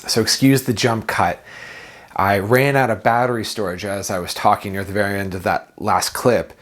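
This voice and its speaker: A man's voice: fairly low pitch, fairly even intonation, normal speed, fairly bright tone. A man in his thirties, a productivity coach, giving a reflective self-help talk full of questions and repeated phrases.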